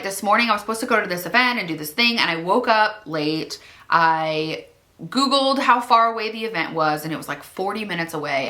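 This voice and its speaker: A woman's voice: medium pitch, sharp tone. A young woman vlogging alone in her room, rambling casually and saying "like" constantly as she gives self-help tips to her viewers. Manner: rambling, heavy use of "like". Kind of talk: chatty self-help vlog. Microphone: camera.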